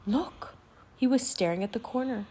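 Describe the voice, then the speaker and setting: Expressive woman reading a children's book. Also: mid-range voice, normal speed. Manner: clear, expressive storytelling. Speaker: audiobook narrator. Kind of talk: children's audiobook narration.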